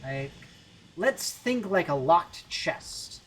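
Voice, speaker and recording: A man's voice: a little high, big pitch swings, very slow, a bit bright, slightly rough. A man streaming a video game, rambling jokily and interrupting himself. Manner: rambling, jokey, self-interrupting. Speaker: gaming streamer. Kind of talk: casual gameplay commentary.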